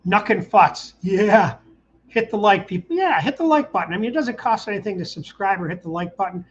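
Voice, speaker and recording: A middle-aged man hosts his channel's casual livestream in a high, animated voice, talking briskly, rambling upbeat and reading viewer comments out loud. The sound lacks its highs and carries faint background noise.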